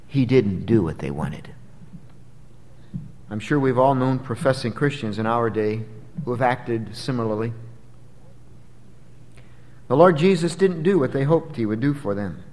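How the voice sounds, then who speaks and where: A man preaching an expository sermon, emphatic, swinging from loud dramatic peaks to low, quiet drops. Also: animated, measured pace, pauses often. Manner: emphatic, dramatic rises and drops in pitch and volume. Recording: long hall reverb.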